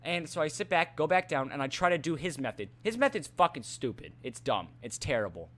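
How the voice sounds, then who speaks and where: A man's voice: on the high side, very animated, a little fast, a bit bright. A teenage boy venting in an angry rant about school, profane and exasperated, often stumbling over his words and restarting. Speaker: student venting on a vlog.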